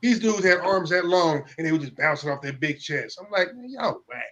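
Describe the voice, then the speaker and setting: A man's voice: a little high, a little fast, fairly bright tone. A man co-hosting a podcast, talking in loose, profane casual chat and laughing often. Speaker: podcast co-host.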